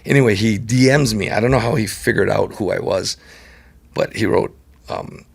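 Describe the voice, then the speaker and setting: A man, a podcast guest telling stories in a relaxed, chatty way, laughing often and peppering his speech with "like" and "right?". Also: on the low side, moderate pace, creaky, breathy edge. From Hawaii. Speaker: podcast guest, multi-sport champion. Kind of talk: casual storytelling interview.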